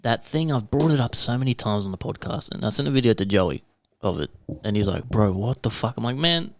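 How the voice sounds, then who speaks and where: A man's voice: mid-range voice, expressive, fast, no echo. Australian guy, podcast host, rambling and crude, dry close sound. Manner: rambling, conspiracy storytelling, swears casually. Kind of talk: casual chat.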